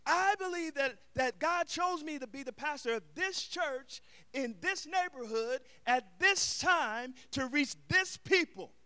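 A man preaching a sermon as the pastor of his church. He builds to shouted emphasis and calls out to the congregation, mixing casual street slang into his preaching. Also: extremely high pitch, expressive, a little slow.

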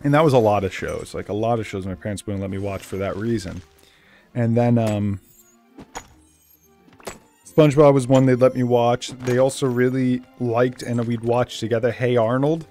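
A young man with a Boston accent chats loosely over a game in a middle-pitched voice. His talk rambles and then jumps into sudden excitement. Soft game music plays faintly underneath. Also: moderate pace. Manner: rambling and chatty, with bursts of excitement. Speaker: gaming channel host. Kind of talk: casual let's play commentary.

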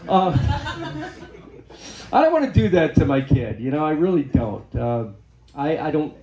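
A man's voice: fairly high pitch, sing-song, unhurried, mellow. Crude man in his fifties doing stand-up. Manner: crude, self-deprecating, tags lines with "right?". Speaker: stand-up comedian. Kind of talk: stand-up comedy set. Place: comedy club stage. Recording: echoey comedy club room.

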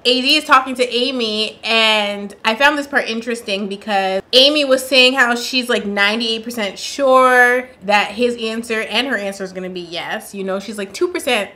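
Woman vlogger, casual sassy chat, bright and sharp tone. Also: on the high side, moderate pace, few pauses. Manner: sassy, playful, laughs often. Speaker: reaction vlogger.

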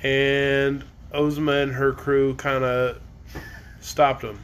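A man's voice: mid-range voice, flat delivery, slow pace, fairly bright tone, slight background noise. A man reading a children's chapter book aloud on a live stream, with casual, chatty asides between chapters.

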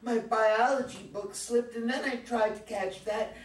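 A woman's voice: fairly high pitch, fairly even intonation, a little slow, natural voice. A woman reading an awkward, dramatic teenage girl. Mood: upset. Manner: emotional, rambling, exaggerating. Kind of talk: reader's theater acting. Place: community theater reading room. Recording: echoey room, mic far off, some hiss.

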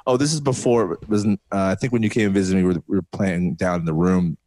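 A man hosting a casual podcast, relaxed and chatty, laughing often and swearing casually. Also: low-pitched, fast, no room sound. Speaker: podcast host and DJ.

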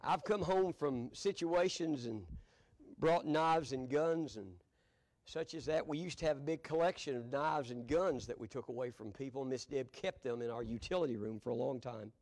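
A man's voice: medium pitch, normal speed, darkish tone. An older man, a pastor telling folksy stories from the pulpit, chuckling as he goes. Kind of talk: storytelling sermon. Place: church sanctuary.

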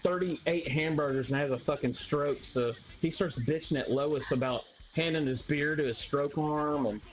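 A man's voice: on the high side, normal speed, slight background noise, rough recording. A man streaming a game, chatting casually, laughing and swearing as he retells cartoon scenes. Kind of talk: casual chat while gaming.

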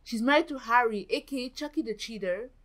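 Young woman, gaming commentary, dramatic and excitable, bright voice, fairly high. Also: brisk. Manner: dramatic, gasps and exclaims, ends points with "okay?". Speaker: gaming YouTuber.

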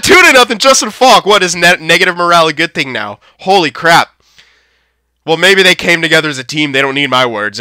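A young man giving live, profane gameplay commentary, swinging between shouting at his team and deflated muttering. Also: a little high, no echo, studio quality. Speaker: gaming commentator.

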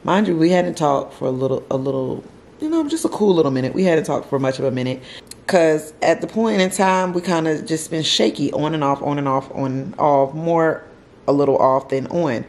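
A woman's voice: low voice, lively intonation, moderate pace, darkish tone. A woman vlogger telling a story to camera from home in a casual, emotional way, repeating herself and using slang.

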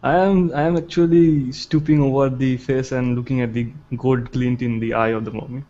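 A man's voice: medium pitch, fairly even intonation, moderate pace, warm tone, muffled recording, a little hiss or hum. A man playing in a tabletop game, describing his character's actions matter-of-factly. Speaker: player. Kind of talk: casual tabletop game play.

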